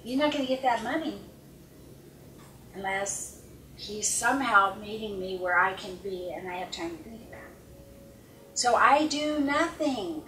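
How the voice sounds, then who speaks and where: A middle-aged woman coaching at a seminar, earnest, often acting out short dialogues and sometimes dropping to a calm hush, recorded with a distant mic in an echoey conference room. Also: medium pitch, moderate pace, slight background noise. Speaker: life coach speaker. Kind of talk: seminar talk.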